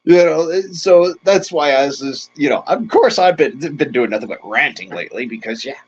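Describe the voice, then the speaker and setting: A man's voice: medium pitch, lively intonation, normal speed, husky, dull audio. A man hosting a livestream, ranting casually to his chat in a crude, rambling way and chuckling often. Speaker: livestream host.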